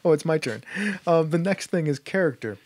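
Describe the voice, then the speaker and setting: Fast-talking man, dry close sound. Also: on the high side, lively intonation, darkish tone, no room sound. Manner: quick, offhand, enthusiastic storyteller. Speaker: podcast co-host. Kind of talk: casual chat about tabletop gaming.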